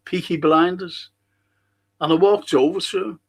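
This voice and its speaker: A man's voice: high voice, fairly even intonation, a little slow, vocal fry. A man hosting a live stream, reading out chat comments and telling rambling stories. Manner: rambling, chatty storytelling with restarts. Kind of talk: casual chat.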